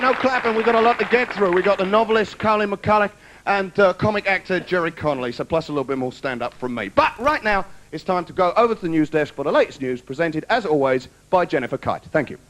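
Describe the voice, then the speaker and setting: A man hosting a TV comedy show, delivering a fast, animated stand-up monologue with mocking asides in front of a studio audience. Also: high-pitched. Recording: audience laughter, noisy old TV tape.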